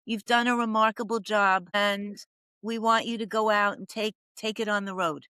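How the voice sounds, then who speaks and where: A woman's voice: medium pitch, fairly even intonation, moderate pace, pushed and bright, clear, resonant tone, no echo. An older woman telling her story as a podcast guest, dramatic, acting out the voices she quotes. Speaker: podcast guest, professional coach. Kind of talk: storytelling interview.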